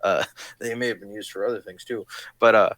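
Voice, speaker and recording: A young man talks loosely and jokingly, trying out quick put-on voices between thoughts. His tone is bright and forward, and the recording is dry and close. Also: lowish voice, steady tone, no room sound. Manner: rambling, jokey, tosses in quick silly voices. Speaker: LARP podcast co-host. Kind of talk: casual chat.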